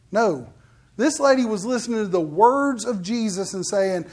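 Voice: mid-range voice, expressive, fairly quick, darkish tone, breathy edge. Conversational preacher before a congregation. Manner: conversational, acts out Bible scenes in quoted voices; candid, addresses the crowd directly. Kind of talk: sermon.

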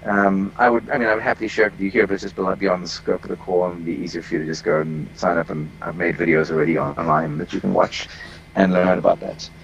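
Gravelly low-voiced man explaining relationships. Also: level tone, fast talker, dull audio, slight background noise. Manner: explanatory, long rambling sentences with many fillers. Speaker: relationship coach. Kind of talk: guest explaining on a call-in interview.

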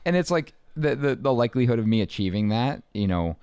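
A Boston man in his thirties, his accent faint and mostly smoothed out, chats casually as an interview guest, rambling with restarts and asides. His mid-range voice is animated and brisk with a darkish tone, and there's no room sound.

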